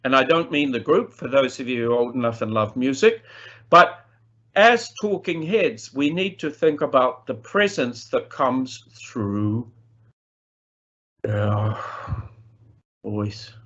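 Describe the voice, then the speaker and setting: Emphatic man lecturing, dull lo-fi sound. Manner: emphatic, with sharp shifts in pitch and pace; playful asides. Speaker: plenary speaker on language teaching. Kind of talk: conference lecture.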